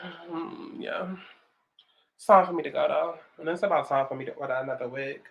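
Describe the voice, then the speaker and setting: A woman's voice: low-pitched, moderate pace, vocal fry, highs cut off. A woman around thirty with a New York accent, chatting sassily and with lots of profanity while doing her makeup at home. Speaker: vlogger. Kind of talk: get-ready-with-me casual chat.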